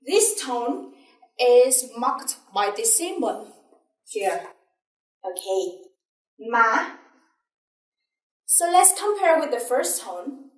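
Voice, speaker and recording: Very slow-speaking Vietnamese-accented woman teacher. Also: fairly high pitch, very animated, a little mellow. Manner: drawn-out demonstration of tones with repeated syllables. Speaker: language teacher. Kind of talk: slow, deliberate language lesson. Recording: echoey room, a bit far from mic.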